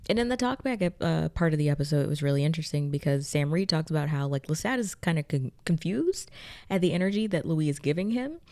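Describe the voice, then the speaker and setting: Woman, young adult, low pitch, chatty, excitable, casual review. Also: quick pace. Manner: excitable, chatty, many fillers. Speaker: pop culture video essayist.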